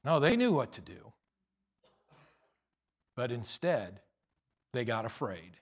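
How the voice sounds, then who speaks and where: A pastor preaching a sermon in a church, animated and teasing, acting out voices. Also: male voice, mid-range voice, slow pace, breathy edge.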